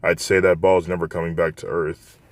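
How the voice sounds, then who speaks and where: A man voicing a dry, unflappable male teacher who speaks in a flat, understated way, in a fan storybook narration. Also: low voice, normal speed, a little hiss or hum. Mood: deadpan.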